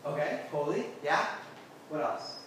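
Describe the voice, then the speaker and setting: High-voiced man preaching in an echoey room. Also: expressive, measured pace, a bit bright, a little hiss or hum. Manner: constantly checks in with the listeners. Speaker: youth group preacher. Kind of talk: casual interactive sermon. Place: air-conditioned room with a group. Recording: very echoey room, mic far off.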